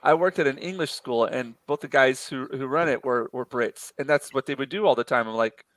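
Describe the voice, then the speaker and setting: A man's voice: mid-range voice, brisk, a bit bright, no room sound. A man chatting casually on a stream, rambling with lots of fillers. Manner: rambling, full of fillers and restarts. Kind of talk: casual chat.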